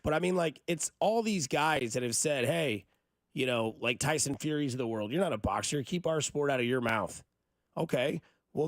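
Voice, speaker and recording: A man hosting a morning sports talk radio show, riffing in an animated way and teasing his listeners, on a studio mic. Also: fairly high pitch, dry recording.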